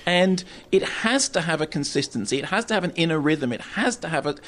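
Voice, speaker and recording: A man talking as a film critic on a radio review show, emphatic and animated, often repeating words as he starts a point. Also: a little high, brisk.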